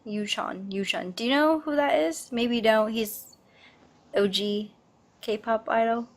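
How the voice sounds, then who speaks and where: A woman's voice: fairly high pitch, measured pace. A woman co-hosting a casual pop news chat, talking in a rambling way with many fillers and restarts.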